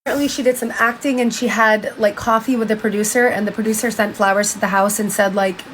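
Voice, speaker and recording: A woman's voice: mid-range voice, steady tone, fast talker, a bit bright, a little hiss or hum, low-quality recording. A woman casually retelling a book's story in her own words, chatty and full of "like", with bursts of disbelief. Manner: chatty, lots of "like", exclaims in disbelief. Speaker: commentator. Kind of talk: casual commentary retelling a book.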